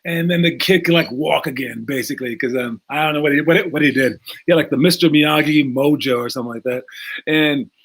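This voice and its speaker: Talkative basketball coach, higher-pitched man. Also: brisk. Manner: energetic, acts out movie scenes in raised voices; many fillers and repeated words. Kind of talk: casual talk to young players.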